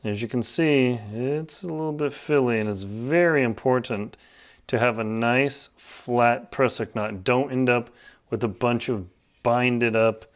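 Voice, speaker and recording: A man's voice: mid-range voice, measured pace. A man casually demonstrating and explaining a climbing knot step by step, in a plain, practical way while working with his hands. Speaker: outdoor skills instructor. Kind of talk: casual knot-tying tutorial.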